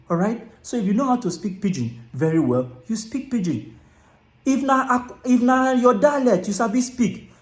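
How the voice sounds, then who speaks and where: A speaker with a Nigerian accent from Akwa Ibom, giving casual advice straight to camera. They repeat phrases, say "all right" often and slip into pidgin. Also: medium pitch. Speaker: content creator. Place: small closed room indoors. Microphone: camera mic, no clip-on mic. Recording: echoey room, camera mic.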